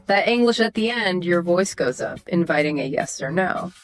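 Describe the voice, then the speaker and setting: A woman's voice: fairly low pitch, animated, moderate pace, faint music behind. A woman co-hosting an educational podcast, explaining and demonstrating example sentences. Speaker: podcast co-host explaining intonation. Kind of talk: scripted educational podcast chat.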